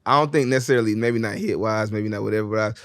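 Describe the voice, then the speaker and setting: A man's voice: fairly low pitch, very fast, fairly bright tone, no echo, studio quality. A man chatting casually as a podcast guest, rambling and laughing often. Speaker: podcast guest, rapper from Atlanta group. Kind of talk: casual chat.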